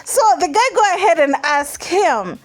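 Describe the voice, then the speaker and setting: A woman's voice: very high voice, big pitch swings, normal speed. A woman hosting a chatty reaction vlog, translating a clip and joking with viewers, calling them honey. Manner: playful, calls listeners honey, laughs often. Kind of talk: chatty commentary.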